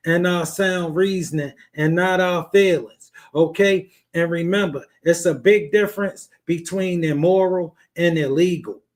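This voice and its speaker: A man's voice: sits high, measured pace, hardly any pauses. A man hosting a podcast, casually explaining a case to his listeners and addressing them as fellas. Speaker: podcast host. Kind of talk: commentary on a played clip.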